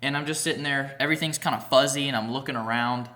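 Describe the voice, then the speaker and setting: A man's voice: mid-range voice, fairly even intonation, fast, sharp tone. A young man vlogger telling a rambling, profane story in a casual storytime vlog, packed with "like" fillers. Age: young adult.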